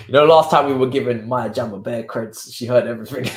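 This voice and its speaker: A man chats loosely over a live football stream, joking and slipping into slang. His voice sits at an ordinary middle pitch. The room around him rings with a noticeable echo. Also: normal speed. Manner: chatty and joking, heavy on slang, with frequent restarts. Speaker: football watchalong host. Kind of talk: casual live-stream chat and match commentary. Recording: roomy echo.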